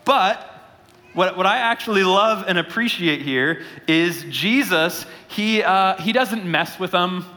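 A pastor giving a conversational sermon, often checking in with his listeners with a quick "right?". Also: high voice, pushed and bright, big-room sound.

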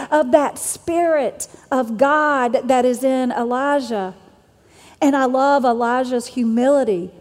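Woman preacher, high voice, slow deliberate sermon, long hall reverb. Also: a little mellow. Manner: emphatic, repetitive preaching cadence.

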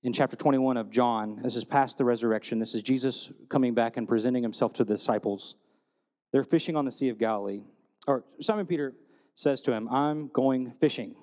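A man preaching a sermon, telling stories and retelling scripture in a lively storytelling way. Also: medium pitch, fairly quick, big-room sound. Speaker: pastor.

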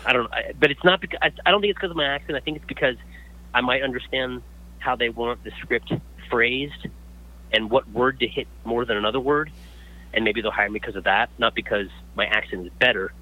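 A man, a guest actor, telling stories in a casual interview, lively and full of restarts. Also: mid-range voice, brisk, muffled recording. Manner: animated storyteller with many restarts.

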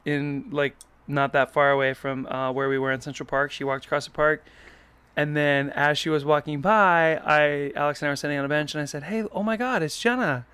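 A man with a smooth, resonant voice drifts through a story at an easy pace, full of ums and side remarks. He teases his partner now and then while speaking close to a podcast mic. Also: fairly high pitch, a little fast, no room sound. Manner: relaxed, rambling with fillers and teasing. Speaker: co-host telling shared memories. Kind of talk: casual chat. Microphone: podcast microphone.

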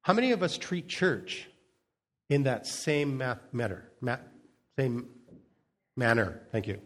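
A middle-aged male pastor who preaches in a loose, chatty way, with a mid-range voice. He jokes, tells stories from home and trips over restarts as he goes. It sounds like relaxed talk from the pulpit. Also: medium pitch, slow. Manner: chatty, humorous storytelling with frequent restarts and repeated words. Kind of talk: conversational sermon.

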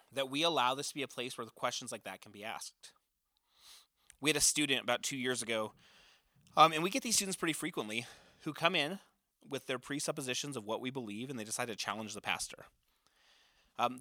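A youth pastor in his thirties talks his volunteer leaders through a training session, earnest and conversational, dropping plenty of uhs. His voice is bright and forceful, and the sound is close and dry. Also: medium pitch, no room sound.

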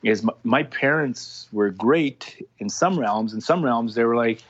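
A man's voice: mid-range voice, unhurried, breathy edge. A man in his thirties, a former hockey player, chatting casually as a podcast guest, rambling with many restarts and fillers. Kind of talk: casual interview chat. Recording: dull lo-fi sound with faint noise.

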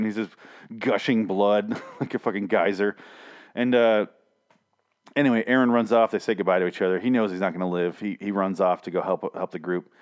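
A young man with a voice going hoarse gives a profane, rambling, exasperated recap of a TV episode. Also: on the low side, steady tone, normal speed. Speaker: show recapper. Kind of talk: casual ranting recap.

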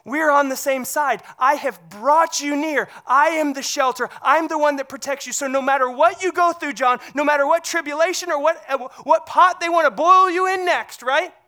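A pastor voicing a solemn, comforting Christ in a sermon, dropping to a hushed, low delivery. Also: normal speed, few pauses. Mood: reassuring.

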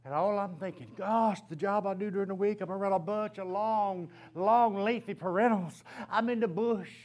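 A man preaching a sermon, telling a story in an animated way and often laughing as he speaks. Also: high voice, moderate pace. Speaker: pastor.

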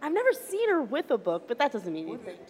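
A woman hosts a casual comedy chat, her voice sitting a touch higher than most. She tells stories with a wry, sarcastic edge. A long reverb trails behind each phrase. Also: huge pitch swings, quick pace, a little mellow. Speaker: podcast host and comedian.

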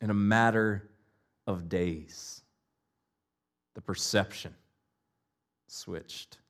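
A male pastor preaching a sermon, swinging between loud impassioned cries and hushed, almost whispered lines. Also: on the low side, drawn-out words.

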